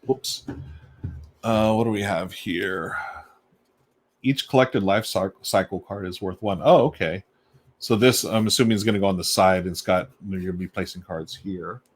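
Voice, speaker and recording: A man with a fairly low voice hosts a casual live stream from a home desk. He talks enthusiastically and loosely, greeting viewers and thinking aloud with fillers. He munches snacks between sentences. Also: moderate pace. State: munching snacks while talking. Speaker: host unboxing board games on a live stream. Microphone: desk microphone on a live stream.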